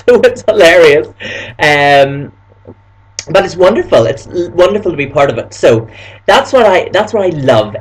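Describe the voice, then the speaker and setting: A man's voice: mid-range voice, husky, poor audio. A man from Belfast with a Northern Irish accent, chatting camply and gushingly in a casual vlog. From Northern Ireland. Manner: camp, gushing, storytelling. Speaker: vlogger presenting as a camp persona.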